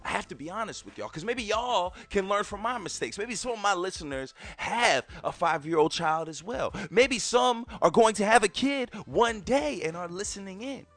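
A man in his thirties hosting a podcast, telling a personal story and repeatedly addressing his listeners directly in an animated way. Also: high-pitched, normal speed, hardly any pauses, dry recording. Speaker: podcast host.

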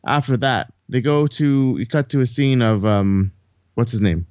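A man chatting casually on a podcast, retelling a film in a loose, rambling way and putting on the characters' lines as he goes. His voice sits at an ordinary middle pitch. The recording is dry and a little dull, as if it went through a lo-fi chain. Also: moderate pace, a little mellow, no room sound. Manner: rambling, swears casually, acts out dialogue. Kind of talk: casual movie recap chat.

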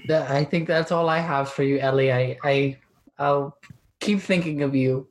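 Low-pitched woman playing a tabletop game. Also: fairly even intonation, normal speed. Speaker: player. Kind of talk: casual tabletop play.

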